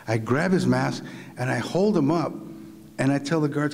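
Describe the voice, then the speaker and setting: Gravelly male storyteller in a reverberant hall. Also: medium pitch, normal speed. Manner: vivid, animated retelling with repeated restarts. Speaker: visiting writer. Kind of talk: storytelling to a live audience. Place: university lecture hall.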